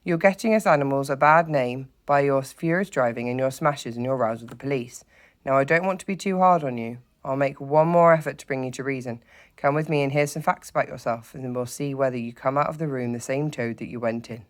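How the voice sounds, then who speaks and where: A teacher reading aloud, voicing a stern, solemn old male badger who speaks gravely and with authority. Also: mid-range voice, close to an everyday voice. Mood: severe. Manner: grave, commanding, deliberate. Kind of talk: storybook read-aloud.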